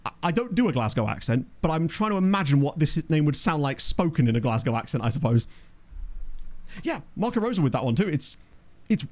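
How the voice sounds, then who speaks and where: A man's voice: a little high, darkish tone. A man talking casually as a let's play host, chatting and thinking aloud while he answers viewer questions from his home office on a desktop condenser mic. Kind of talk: casual gameplay commentary reading chat. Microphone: desktop USB condenser mic.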